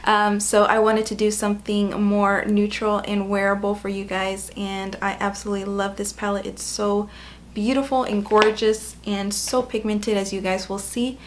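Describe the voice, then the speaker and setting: A woman's voice: mid-range voice, level tone, moderate pace, slight background noise. A woman beauty vlogger talking viewers through a makeup tutorial in a chatty, upbeat way. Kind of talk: casual makeup tutorial narration.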